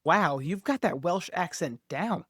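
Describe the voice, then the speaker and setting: A woman's voice: fairly low pitch, lively intonation, measured pace, fairly bright tone, husky, no echo, studio quality, heavily acted. A performer reading a sulky, pleading teenage boy in a screenplay table read. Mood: concerned. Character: whiny teenage boy who loves his guitar.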